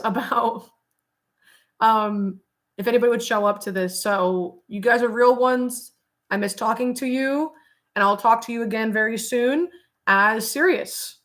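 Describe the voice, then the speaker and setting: A woman's voice: fairly high pitch, fairly bright tone. A young woman chatting casually on a livestream, rambling with lots of fillers and frequent laughter. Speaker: streamer. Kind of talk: casual livestream chat with viewers.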